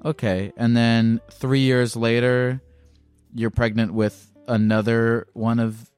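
A man's voice: medium pitch, level tone, slow pace, darkish tone, clear, resonant tone, soft background music. A man hosting a casual call-in show, asking easygoing, probing questions. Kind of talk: casual phone-in chat.

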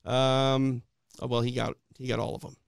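A young man co-hosting a combat sports podcast, chatting casually through the night's results. His voice is smooth and resonant, recorded close in a dry space with no room sound. He leans on fillers and restarts as he talks. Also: mid-range voice, flat delivery, moderate pace, no room sound. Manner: chatty, frequent "uh" and "you know" fillers. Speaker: podcast host.

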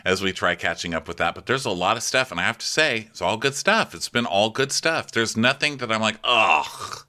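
A man's voice: fairly low pitch, brisk. A man co-hosting a podcast, chatting casually about reality shows and laughing often. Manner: animated, laughs often, acts out quotes in exaggerated voices. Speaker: podcast co-host. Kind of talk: casual recap chat.

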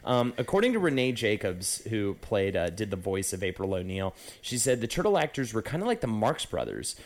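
A man co-hosting a podcast in loose, casual chat, swearing and filling pauses with "uh" and "um". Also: lowish voice, sing-song. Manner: chatty, loose, swears, lots of fillers. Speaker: podcast co-host.

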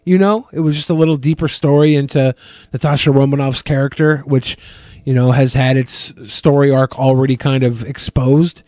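A man's voice: medium pitch, steady tone, moderate pace, a little mellow, no echo. A man hosting a live podcast, reading viewer questions and talking in a profane, exasperated way. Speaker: podcast host.

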